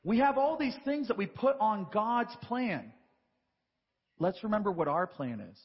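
A man's voice: high voice, very animated, unhurried, husky, in a large hall, dull audio. A man preaching a sermon as pastor, in a conversational style full of rhetorical questions and "right?" asides. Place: church sanctuary.

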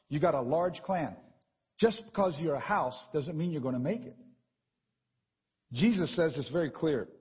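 A man preaching a sermon in a church, animated and conversational, often checking in with the congregation. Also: a little high, long reverb tail, highs cut off. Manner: animated and conversational, with frequent "right?" asides.

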